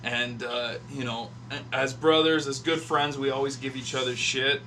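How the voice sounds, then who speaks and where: A man in casual podcast chat, excitable and profane, often breaking into laughter. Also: medium pitch, normal speed, slight background noise.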